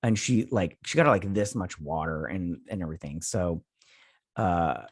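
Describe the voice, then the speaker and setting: A man's voice: low voice, normal speed, slightly rough, dry recording, clean studio sound. A man hosting a casual TV episode recap and review, rambling with lots of fillers and sounding exasperated. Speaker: TV review host.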